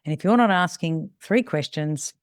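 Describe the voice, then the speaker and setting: Her voice is low and clean, at a normal speed, recorded in a studio with no room sound. This middle-aged woman mentors salon businesses and chats bluntly on a casual podcast, performing bits of dialogue and swearing once in a while.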